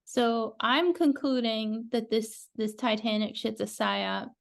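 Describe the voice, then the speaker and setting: Woman co-host, fairly high voice, offhand and matter-of-fact podcast chat. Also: steady tone, slow, gravelly.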